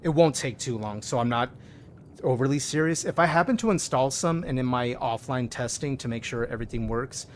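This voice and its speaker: A man's voice: mid-range voice, fairly quick, slight background noise. A man streaming a modded game, chatting casually with viewers and reading their chat messages aloud.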